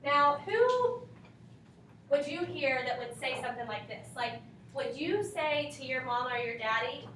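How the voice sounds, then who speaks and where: A woman's voice: sits high, expressive, a little slow, fairly bright tone, slight background noise. A woman teaching a class, reading and questioning her students, prompting them for answers. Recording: echoey classroom from far off.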